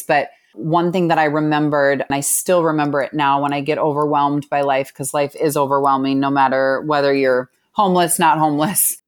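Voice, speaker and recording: A woman in an interview, telling a candid personal story in a reflective, rambling way with many restarts. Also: sits low. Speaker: guest.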